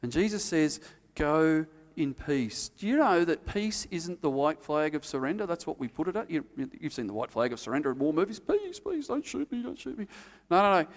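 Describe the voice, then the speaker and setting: A man preaching a sermon, telling a story and acting out the quotes, then dropping to quiet, earnest emphasis. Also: on the high side, in a large hall. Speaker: pastor.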